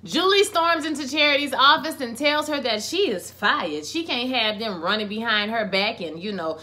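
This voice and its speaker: A woman giving a casual, animated recap of a TV episode, full of sassy asides to the characters. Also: fairly high pitch, normal speed. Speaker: TV episode reviewer.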